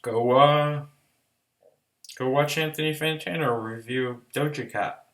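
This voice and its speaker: A man's voice: a little high, takes it slowly, fairly bright tone. A man giving a casual, rambling, profane and enthusiastic album review in a vlog. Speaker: music reviewer.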